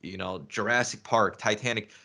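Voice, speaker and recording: A man's voice: on the low side, normal speed, gravelly, pushed and bright. A man hosting a casual interview, thinking aloud at length with frequent fillers. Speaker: podcast host.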